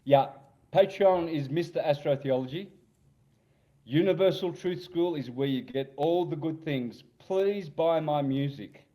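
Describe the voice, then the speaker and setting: Slow-talking man in his sixties. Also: fairly high pitch. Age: 60s. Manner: rambling, animated anecdotes. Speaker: guest. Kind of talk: casual storytelling interview.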